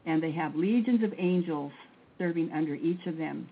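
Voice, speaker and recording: A woman leading a guided breathing and mantra prayer session in a slow, measured way, counting aloud. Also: low voice. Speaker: prayer and meditation leader. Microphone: phone line. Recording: tinny phone line with faint noise.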